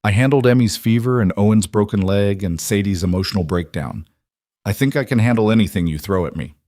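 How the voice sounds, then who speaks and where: A man doing a gentle eighteen-year-old bride. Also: lowish voice, brisk, dry recording, clean studio sound, lightly acted. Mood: tender. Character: young woman, eighteen, gentle and earnest.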